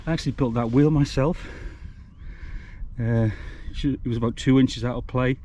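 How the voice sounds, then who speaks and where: A man's voice: mid-range voice, fairly even intonation, normal speed, dark tone, a little hiss or hum. Chatty man tinkering with a bike. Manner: chatty, self-mocking, blunt. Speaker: DIY e-bike vlogger. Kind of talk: casual workshop vlog.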